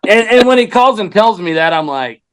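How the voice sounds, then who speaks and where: A man with a fairly high voice talks as a podcast guest, blunt and heavy on curse words. He often stumbles and repeats words before getting going. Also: animated, a little fast. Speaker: podcast guest, race driver. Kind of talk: casual chat.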